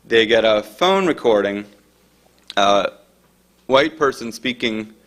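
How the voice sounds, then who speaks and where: A man's voice: fairly low pitch, animated, takes it slowly, a bit bright. A middle-aged man speaking informally about his book, conversational and digressive, now and then acting out the people in his stories. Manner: conversational, digressive, acts out quoted voices. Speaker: author giving a talk.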